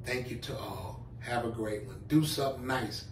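A man's voice: medium pitch, normal speed, slight background noise. A man hosting his own channel, making an emphatic, preachy appeal and hammering his points again and again. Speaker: channel host. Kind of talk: direct-to-camera commentary. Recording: roomy, mic at a distance.

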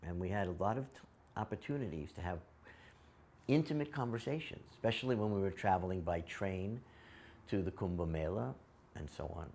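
A man recounting memories in an interview in a measured, reflective way. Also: low-pitched, vocal fry, a little mellow, slight background noise. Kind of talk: calm reminiscence.

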